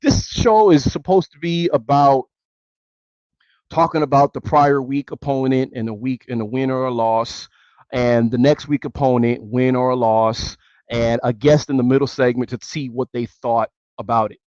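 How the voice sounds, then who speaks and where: A man's voice: mid-range voice, fairly even intonation, normal speed, darkish tone, no room sound, dull audio. A man hosting a sports talk show, ranting angrily and emphatically with lots of repetition. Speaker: sports radio show host. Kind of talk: heated sports talk rant.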